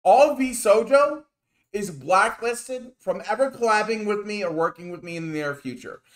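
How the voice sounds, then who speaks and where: A male VTuber rants angrily on a livestream, slow and emphatic, swearing and calling someone out by name. His voice sits high and sounds animated.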